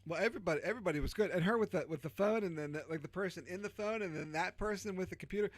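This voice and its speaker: A chatty male host with a slightly high voice rambles through a casual livestream. He cuts himself off and laughs as he goes. The mic sound is dry and close, with no room echo. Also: very fast. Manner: rambling, self-interrupting, laughs easily, swears. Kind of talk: casual chat.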